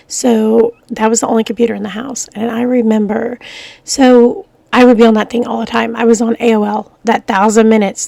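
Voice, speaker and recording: A woman's voice: a little high, gravelly, dark tone, dry recording. A middle-aged woman with a groggy voice after coughing, chatting casually to her viewers in a rambling way, full of fillers and restarts. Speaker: vlogger. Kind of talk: casual rambling talk to camera.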